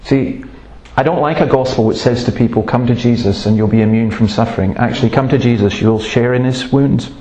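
A man's voice: mid-range voice, a little fast, few pauses, warm tone. A man preaching a sermon in an earnest, emphatic way, breaking off to tell stories. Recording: roomy, echoey room sound.

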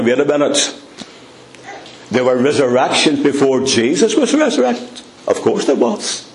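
A man preaching a sermon in a church, with dramatic pauses and a voice that drops low on repeated refrains. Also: slight background noise. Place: church hall. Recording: echoey church sound.

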